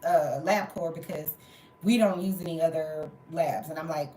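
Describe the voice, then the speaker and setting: Woman vlogger, lower voice, tired and sore, animated venting in an echoey room. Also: normal speed, a little hiss or hum. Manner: animated, exasperated retelling with swearing. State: tired and in pain. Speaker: storytelling vlogger. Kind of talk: casual storytime chat. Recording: roomy echo.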